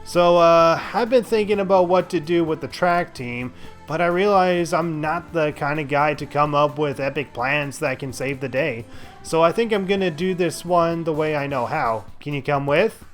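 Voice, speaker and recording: A man reading aloud the lines of a brash, hot-headed teenage boy from a video game, blunt and rough-spoken. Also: fairly high pitch, normal speed, faint music behind, close to an everyday voice. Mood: gruff.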